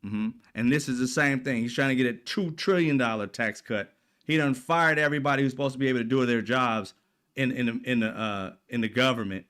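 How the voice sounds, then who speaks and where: A man's voice: mid-range voice, a little fast, fairly bright tone. A man hosting political commentary, ranting in a blunt, profane, exasperated way.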